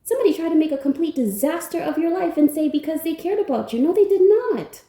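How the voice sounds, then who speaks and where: A woman's voice: very high-pitched, animated, quick pace, dark tone, reverberant. A woman giving a pick-a-pile tarot reading, talking in a blunt, emphatic, casual way with some swearing. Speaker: tarot card reader.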